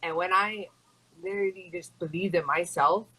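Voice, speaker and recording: A woman's voice: on the low side, fairly even intonation, moderate pace, bright, forceful tone, slightly rough, rough recording. A young woman from Hawaii, a fighter chatting in an interview with a rambling, casual flow. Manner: chatty and rambling, full of "like" and "you know". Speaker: MMA fighter and guest.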